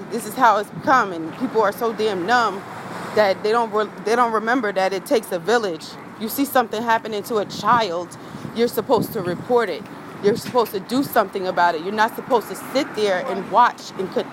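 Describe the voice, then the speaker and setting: A woman's voice: medium pitch, background noise. A woman, a vlogger in an angry rant to her viewers, heated, profane and repeating herself.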